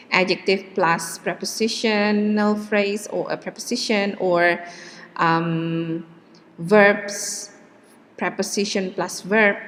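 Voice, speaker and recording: A woman teaching English pronunciation in a slow lecture, with many "okay" and "yeah" check-ins. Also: on the low side, fairly bright tone, slight background noise. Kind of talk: classroom lecture. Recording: long hall reverb.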